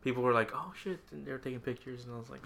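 A man co-hosting a casual podcast, recounting convention moments in a relaxed way and laughing often. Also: mid-range voice, very fast, gravelly. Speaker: podcast co-host. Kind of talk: casual chat.

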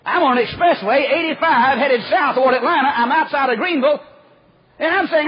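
A man preaching a folksy storytelling sermon, acting out the quoted voices and dropping to a hush at times. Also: very high voice, lively intonation, a little fast, breathy edge. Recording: muffled lo-fi recording.

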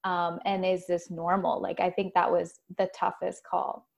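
A woman's voice: lowish voice, flat delivery, unhurried, creaky. Woman hosting a heartfelt interview. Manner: open, personal storytelling with fillers. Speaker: podcast host. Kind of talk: conversational interview.

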